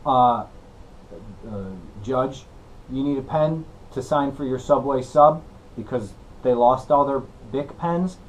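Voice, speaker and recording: A young man hosting a casual woodworking vlog, goofy and excitable, breaking into shouted exclamations. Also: medium pitch, takes it slowly, a little hiss or hum. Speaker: woodworking channel host.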